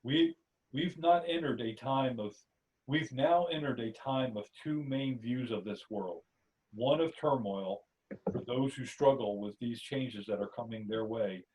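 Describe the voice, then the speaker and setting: A man hosting a podcast, reading a spiritual story aloud in a steady second-person telling. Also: medium pitch, recorded from a distance, poor audio. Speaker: podcast host, story narrator. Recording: voice somewhat off-mic.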